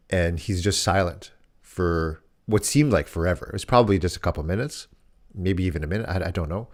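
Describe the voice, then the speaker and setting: Male podcast co-host, very low voice, casual, meandering storyteller. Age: adult dad. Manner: rambling, many restarts and "like" fillers.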